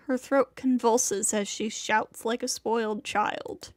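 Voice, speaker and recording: A woman streamer reading a visual novel aloud, narrating in a soft, slow, measured way. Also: a little high, fairly even intonation, no room sound.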